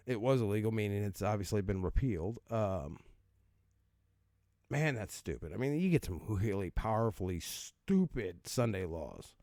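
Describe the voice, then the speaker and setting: A man's voice: lowish voice, expressive, a little slow, long pauses, darkish tone, dry recording, clean studio sound. A man hosting a casual comedic commentary, sarcastic and profane, laughing as he riffs with mock voices. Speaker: host reacting to odd laws.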